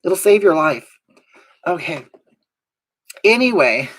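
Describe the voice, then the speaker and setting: A woman's voice: fairly low pitch, very animated, slow pace. Sassy woman hosting a live stream. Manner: sassy, drawling, mock-sincere. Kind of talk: reading viewer comments on a live stream.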